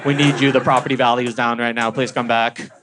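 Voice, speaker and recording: A young Canadian man tells stand-up stories on a club stage with a dry, deadpan delivery. His voice sits at an ordinary middle pitch. Faint noise from the room sits behind him. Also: quick pace. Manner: deadpan storytelling, punchy delivery. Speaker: stand-up comedian. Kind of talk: stand-up comedy set.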